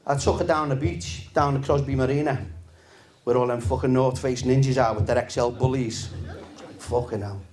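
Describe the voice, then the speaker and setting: A man tells his jokes in a stand-up set. His delivery is relaxed, confident and deadpan, with plenty of swearing, and his pitch sits in the middle range for a man. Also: normal speed. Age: 50s. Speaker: stand-up comedian. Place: live comedy venue with audience.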